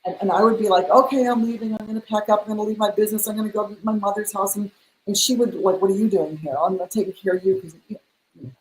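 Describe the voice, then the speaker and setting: Speaking fast at a medium pitch, a middle-aged woman, a spiritual mentor, relates a personal story for an interview. She's lively and acts out each bit of dialogue she quotes. The recording is rough, with slight background noise.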